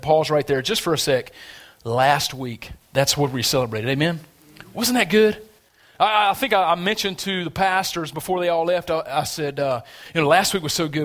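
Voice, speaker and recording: A man's voice: a little high, fairly bright tone. A man preaching a sermon in a church, conversational and emphatic, drawing the congregation in with questions. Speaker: pastor. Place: church sanctuary.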